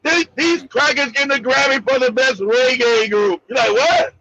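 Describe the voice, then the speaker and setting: A man giving brash, mocking casual commentary, loud and profane, laughing often and breaking into shouts. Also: extremely high pitch, fairly even intonation, normal speed. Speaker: co-host. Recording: slightly dull lo-fi sound.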